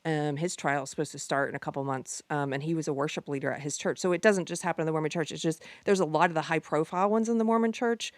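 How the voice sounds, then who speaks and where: A woman's voice: deep voice, quick pace, few pauses, no room sound. A woman guest on a political panel show, talking in long runs full of fillers and lists. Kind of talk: casual political panel chat.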